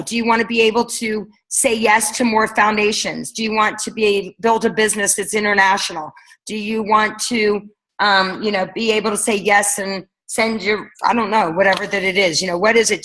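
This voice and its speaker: A woman's voice: medium pitch, sharp tone, rough recording. A woman coaching her team on a leadership call, talking casually and energetically, firing off rhetorical questions. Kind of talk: motivational coaching talk.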